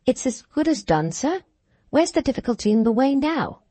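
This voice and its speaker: A woman voicing an eager, earnest young gentleman in a storybook reading. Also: sits high, very animated, normal speed, dry recording, voice pushed up.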